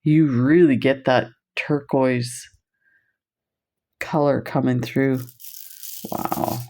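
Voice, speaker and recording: A woman's voice: very deep voice, fairly even intonation, very slow, darkish tone. A woman presenting beads on camera in a casual chat, telling stories and laughing often. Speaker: bead shop video presenter.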